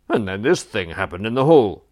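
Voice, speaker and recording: A man's voice: fairly low pitch, big pitch swings, normal speed, a little mellow. A man playing a peevish, blustering old duke. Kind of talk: audiobook character voice.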